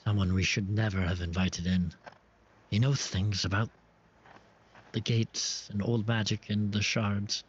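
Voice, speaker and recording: A man's voice: lowish voice, steady tone, unhurried, highs cut off, slight background noise, lightly acted. A man voicing a grieving, fearful noble mother in a tabletop game. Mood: urgent.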